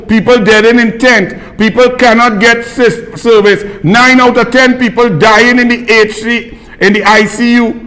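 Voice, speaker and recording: A Trinidadian man hosting live political commentary with a scornful, heated, insulting delivery. His voice sits high for a man. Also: a bit bright, in a large hall.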